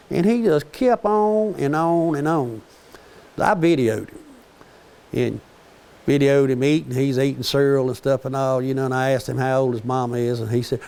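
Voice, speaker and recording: A man's voice: medium pitch, moderate pace, gravelly, darkish tone. An older man, telling rambling, joking stories about his family. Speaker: storyteller. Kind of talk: casual storytelling.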